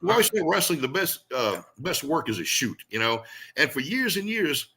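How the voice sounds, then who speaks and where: A man's voice: a little high, moderate pace. A man, a former pro wrestler, telling stories as an interview guest in a rambling, casual way with lots of fillers. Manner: animated, rambling storyteller with many fillers.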